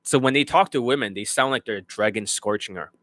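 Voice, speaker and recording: A blunt dating coach delivers a profane, off-the-cuff rant to his students. His voice sits at a middling male pitch. The sound is dry, with no room echo. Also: fast talker, fairly bright tone. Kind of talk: unscripted monologue to students.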